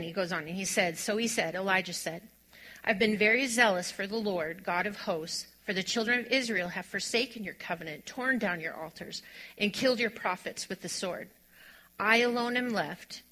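A woman preaching a sermon, reading scripture and explaining it, dropping to a hush and then building to emphatic high points. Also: rough recording. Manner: expressive, drops to a hush on quiet lines and rises to emphatic on strong ones.

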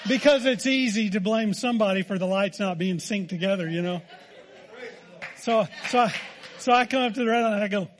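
A man's voice: high voice, a little fast, a little hiss or hum. A man with an American accent preaching a sermon, telling a folksy, self-deprecating story. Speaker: pastor.

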